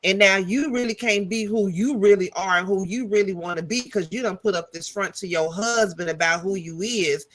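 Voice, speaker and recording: A woman co-hosts a live TV review, chatting casually in a sassy, blunt, slangy way. Her mid-range voice moves at normal speed with few pauses.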